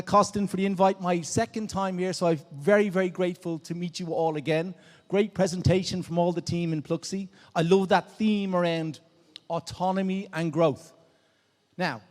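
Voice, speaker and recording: An Irish man from Dublin giving an energetic, interactive keynote on stage at a conference, drawing the crowd in with show-of-hands questions. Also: high-pitched. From Dublin, Ireland. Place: large conference hall on stage. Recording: long reverb of a big hall.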